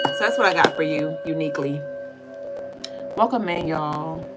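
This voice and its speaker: A woman with a somewhat low voice runs a relaxed livestream tarot reading. She reads viewers' comments aloud and answers them loosely and chattily, with fillers and the odd swear word. Clear music plays under her voice the whole time. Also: rough recording. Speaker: livestream spiritual reader and host. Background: music playing under the voice.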